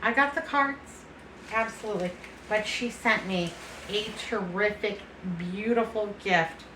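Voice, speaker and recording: A woman's voice: mid-range voice, measured pace, reverberant, background noise. A middle-aged woman from the chatting casually to camera, affectionate and folksy, feeling a bit foggy and unsteady. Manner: chatty, affectionate, calls people honey and baby. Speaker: vlogger.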